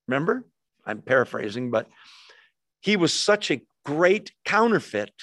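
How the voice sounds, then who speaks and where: A pastor preaches a casual, verse-by-verse expository sermon in a high, slightly bright, sing-song voice at a measured pace. He's conversational, drops wry asides and acts out quoted voices; the audio is studio quality with no echo.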